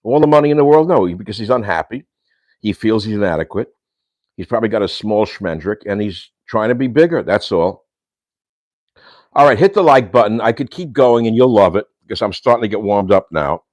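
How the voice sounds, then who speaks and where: A man's voice: fairly low pitch, animated, a little fast, a little mellow, no echo. An older man hosting a casual livestream monologue from his home kitchen, rambling and ranting with insults and Yiddish slang. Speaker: host.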